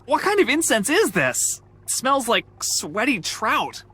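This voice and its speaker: Kelvin, a wry young assistant. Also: female voice, on the high side, sing-song, a little slow, noisy background. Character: young man, clumsy good-natured lab assistant. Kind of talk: video game voice acting.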